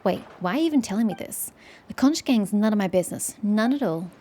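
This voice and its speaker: A woman's voice: mid-range voice, lively intonation, quick pace, warm tone, natural voice. A woman voicing a boastful, scrappy young gang boy in a game, cocky and bragging.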